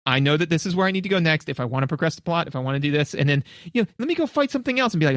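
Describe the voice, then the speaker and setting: A man's voice: fairly high pitch, animated, very fast, hardly any pauses, no echo, studio quality. A man co-hosting a podcast, rambling emphatically in casual chat. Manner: rambling, emphatic, many restarts and asides. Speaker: podcast co-host.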